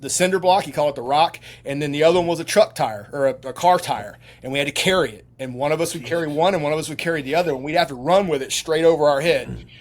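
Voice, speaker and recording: A middle-aged man speaks as a guest in a casual interview, telling stories in a lively, rambling way. His voice sits fairly high for a man, and he keeps breaking up his sentences with fillers and restarts. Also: fast talker. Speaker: guest, military veteran.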